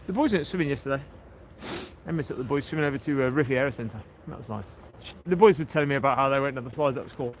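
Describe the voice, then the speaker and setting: A man's voice: mid-range voice, fast. A man with an English accent, joking and chatting casually during a walking livestream outdoors. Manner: chatty, joking, laughs often. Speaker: livestream host. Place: outdoors on a coastal walk. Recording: outdoor noise behind.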